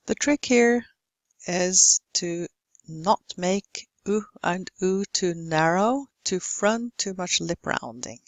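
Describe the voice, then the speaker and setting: Norwegian woman teaching english sounds, slow and careful, dry close mic. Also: on the low side, expressive, dry recording. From Norway. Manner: slow, careful enunciation of example words. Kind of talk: pronunciation lesson.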